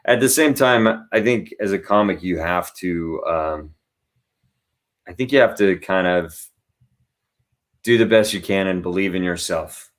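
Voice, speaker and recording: A comedian with a somewhat low voice tells stories in a casual interview. He stays animated and often lifts into short impressions of other people before settling back into his own relaxed delivery. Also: normal speed. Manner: animated storyteller who acts out voices. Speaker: guest comedian.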